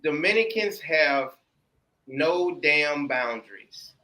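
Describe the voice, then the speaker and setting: A man's voice: a little high, animated, slow pace, sharp tone. A man chatting casually and bluntly, with slang and loose swearing. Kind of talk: casual chat. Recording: echoey room.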